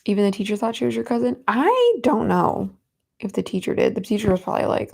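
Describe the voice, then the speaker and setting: With big swings in her medium pitch and a gravelly edge, a young woman in her twenties talks at a quick pace on a casual home livestream. She reads viewer comments and chats away, giggling, and softly coos at her cat.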